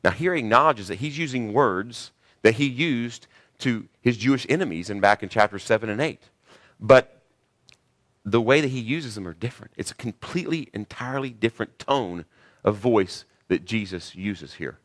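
A man's voice: on the low side, animated, normal speed, fairly bright tone, dry recording, clean studio sound. A pastor preaching a sermon, earnest and building to emphatic peaks, a father of six in his thirties or forties.

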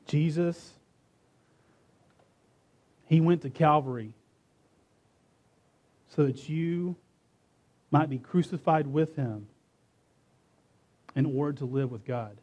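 A man preaching a sermon, reading scripture dramatically and emphatically, slowing and stressing key words. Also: on the high side, husky, highs cut off.

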